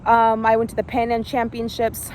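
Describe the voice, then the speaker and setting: A woman's voice: fairly high pitch, completely flat delivery, normal speed, a little mellow, slight background noise. A woman in her thirties from Canada, a former elite gymnast, telling her own story in a candid, emotional way with frequent fillers. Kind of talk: personal storytelling vlog.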